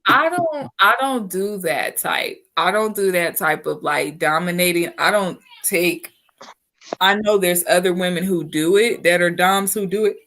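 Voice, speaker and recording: A woman's voice: lowish voice, a little slow, a bit bright. A woman talking frankly in a casual, chatty way, often checking in with the listener. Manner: frank and chatty, often says "you know what I'm saying". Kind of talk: candid casual chat.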